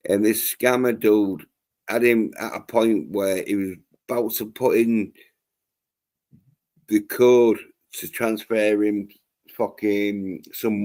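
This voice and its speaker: A man's voice: fairly low pitch, a little mellow. A man hosting a livestream, telling stories in a rambling, crude and profane way. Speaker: livestream host. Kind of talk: casual chat.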